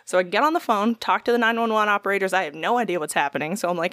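A woman's voice: medium pitch, rapid-fire, dry recording. A young adult woman telling a long story in casual chat, swearing often and acting out what people said. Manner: profane, animated storytelling with quoted voices.

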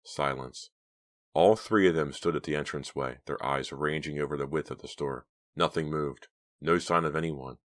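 A man reads a novel aloud in a measured, hushed storytelling manner. His voice is extremely low, a dark bass that carries the narration. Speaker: audiobook narrator. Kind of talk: scripted narration.

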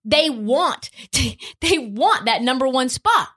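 A woman with a high voice rants her way through sports commentary, and her pitch swoops up and down. She talks in an emphatic way, with a lot of swearing. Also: expressive, slow pace, a bit bright. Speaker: sports podcast host. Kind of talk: opinionated sports commentary chat.

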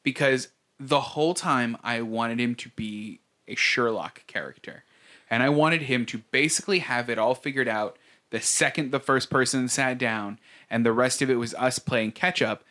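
A man's voice: medium pitch, moderate pace, bright, forceful tone. A man chats casually on a podcast with his co-hosts. His voice sits in the middle range, and he talks in a thoughtful, questioning way, inviting the others in. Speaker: podcast co-host. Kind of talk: casual chat.

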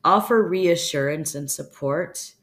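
A woman hosting an advice show, speaking bluntly and calmly, with casual swearing, as she answers a listener's question. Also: sits low, slow, slight background noise. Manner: calm, steady, instructive. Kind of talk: advice monologue.

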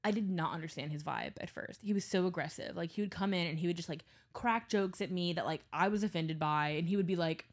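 This podcast co-host, a young adult woman, speaks quickly in a fairly low voice with hardly any pauses. Her casual storytelling is animated and full of swearing, and she does voices for the people she's talking about.

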